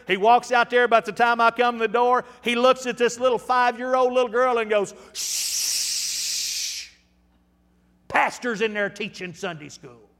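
A man in his fifties preaching a storytelling sermon, folksy and animated, with frequent restarts. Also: extremely high pitch, long reverb tail. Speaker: pastor.

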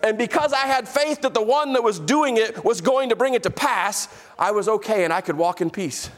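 A man preaching a sermon as pastor, emphatic, slowing down to stress key phrases and calling out to the congregation. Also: high voice. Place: church sanctuary.

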